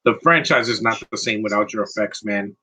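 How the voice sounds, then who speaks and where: A man talks through a film he loves, rambling and near tears, tacking "man" onto his sentences. His voice is husky and bright. He chats casually, as if to friends. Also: fairly low pitch, fairly quick, low-quality recording. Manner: emotional, rambling, frequent "man". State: teary, close to crying. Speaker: movie commentator. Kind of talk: casual live film commentary.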